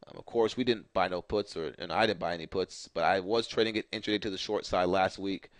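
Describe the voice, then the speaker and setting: A man's voice: sits low, fairly quick, dry recording. A man giving a casual stock market recap over charts, talking loosely with many fillers and repeated phrases. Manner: loose, repetitive, filler-heavy chart talk. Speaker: market analyst host.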